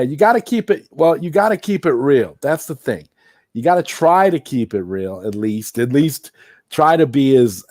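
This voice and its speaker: A man's voice: medium pitch, darkish tone, no echo, clean studio sound. A man hosting a casual late-night live-stream Q&A, rambling and circling back to repeat his points.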